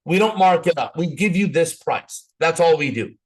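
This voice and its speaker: A man giving an energetic, persuasive sales presentation, often repeating words as he pushes ahead. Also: fairly high pitch, normal speed.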